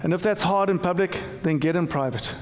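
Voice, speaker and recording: A male pastor preaching to his congregation in a loose, conversational way, stumbling over and repeating his words. His voice sits a little high and carries a long reverb from the church hall, with a faint hiss underneath. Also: brisk. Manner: conversational with frequent restarts. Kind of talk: sermon.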